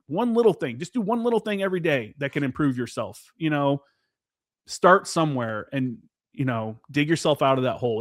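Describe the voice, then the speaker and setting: Clean studio audio with no echo captures a former Marine forward observer, his voice a little high, as he guests on a laid-back podcast. He's candid and profane, dropping "dude" and "man" throughout.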